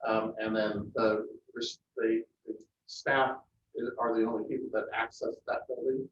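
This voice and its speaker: A man speaking at a public meeting as airport manager, plainspoken and hesitant with frequent pauses. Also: fairly low pitch, level tone, slight background noise. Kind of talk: meeting discussion. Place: council meeting room. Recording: echoey, distant, muffled meeting audio.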